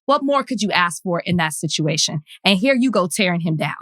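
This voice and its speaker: A woman's voice: lowish voice, animated, a little fast, fairly bright tone, no echo, poor audio. Emphatic woman cohosting a podcast. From American South. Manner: emphatic, opinionated, laughs often. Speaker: podcast co-host. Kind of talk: casual chat.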